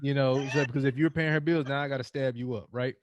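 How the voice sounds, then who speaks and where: A man hosting a casual podcast chat, telling stories with animated, acted-out rants. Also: medium pitch, fast, background noise. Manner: animated storytelling, acts out quoted rants. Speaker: podcast host.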